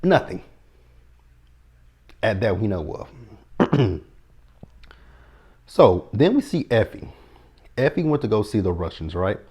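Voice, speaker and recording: A man's voice: on the low side, very animated, takes it slowly, long pauses, mellow, slightly rough. A man, recapping a TV episode in a blunt, sassy, profane casual chat. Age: 30s.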